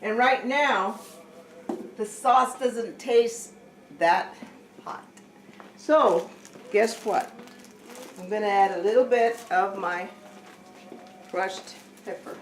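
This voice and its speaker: Middle-aged home cook, woman, chatty kitchen how-to, mid-pitched, recorded from a distance in an echoey kitchen. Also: takes it slowly, pauses often. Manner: chatty, keeps saying okay, corrects herself mid-sentence. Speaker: home cook teaching a family recipe. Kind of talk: casual cooking demonstration. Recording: echoey room, distant mic, faint hiss.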